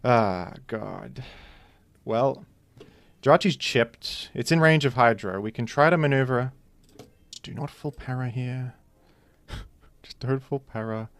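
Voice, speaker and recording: A man's voice: mid-range voice, unhurried, long pauses, a bit bright, smooth. A young man giving casual live commentary on his own competitive game, rambling and trash-talking his opponent in mock boasts.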